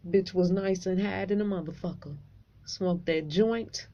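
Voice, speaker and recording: A woman vlogger tells her story in a loose, profane and animated way. Her voice is mellow and dark. The recording is a little dull and lo-fi. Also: lowish voice, slow pace, vocal fry. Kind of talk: casual storytelling to camera.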